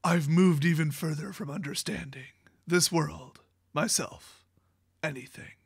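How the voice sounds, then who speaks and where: A man's voice: high-pitched, fairly quick, fairly bright tone, dry recording, studio quality. A man voicing a stern, indignant male warrior hero as he retells a fantasy storyline, in a mock-dramatic quoting manner. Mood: bewildered.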